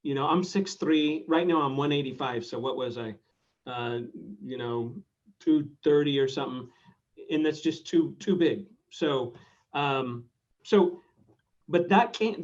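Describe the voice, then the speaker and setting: A man hosting a talk show, chatting in an easygoing, halting way. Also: on the high side, a little mellow. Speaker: host. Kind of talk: casual interview chat. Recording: dull lo-fi call audio.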